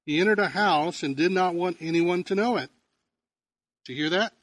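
A pastor preaching in a conversational way, telling stories and often restarting phrases. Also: male voice, high voice, moderate pace, a bit bright, no echo. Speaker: pastor and teacher. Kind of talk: sermon.

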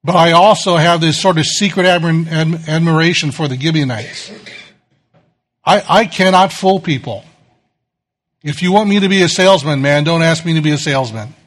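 A man's voice: a little high, moderate pace, a bit bright. A middle-aged male pastor giving a sermon, telling self-deprecating stories in a conversational way.

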